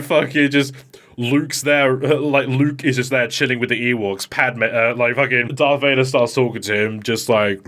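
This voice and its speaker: A man's voice: medium pitch, fairly even intonation, moderate pace, fairly bright tone. A man giving unscripted comedic commentary, swearing and mocking, often putting on voices to act out quoted lines. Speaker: YouTube commentator.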